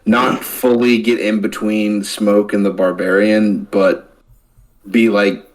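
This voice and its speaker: Low-voiced guy at a tabletop game, slow and laid-back. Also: little pitch movement, low-quality recording. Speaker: player. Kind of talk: casual tabletop play.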